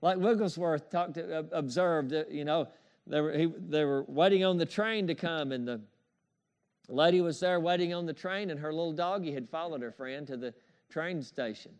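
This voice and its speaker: A man delivers a sermon in a high, ringing voice. He preaches emphatically, repeats key phrases and draws amens from his listeners, now and then chuckling between points. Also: normal speed, a little mellow, clean tone. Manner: emphatic, repetitive call-and-response preaching with chuckles. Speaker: pastor.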